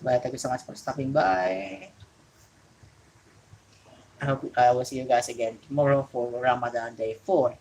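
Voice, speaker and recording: A woman's voice: extremely low pitch, normal speed, pauses often, darkish tone, a little hiss or hum, poor audio. A woman from Indonesia, an English speaker, hosting a casual solo wrestling talk show from home and rambling with frequent self-corrections. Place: home during rain.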